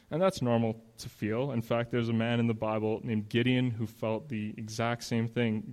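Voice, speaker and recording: A man's voice: medium pitch, level tone, moderate pace, hardly any pauses, a little mellow. A man preaching a sermon in a conversational way, reading scripture aloud and explaining it. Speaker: pastor.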